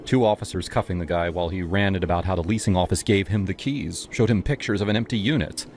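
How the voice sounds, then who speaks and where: A man's voice: deep voice, quick pace, darkish tone, slight background noise. A man reading a scripted first-person horror story in a dramatic, tense way.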